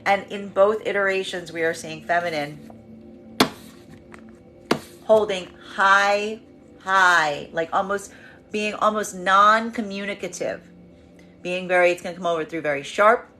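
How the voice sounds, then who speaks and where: A woman giving a tarot reading in an expressive monologue, acting out the voices she quotes. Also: lowish voice. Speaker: tarot reader.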